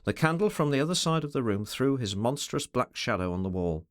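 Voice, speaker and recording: Lively male audiobook narrator. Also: mid-range voice, brisk, few pauses, no echo, studio quality. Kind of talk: scripted narration of a classic novel.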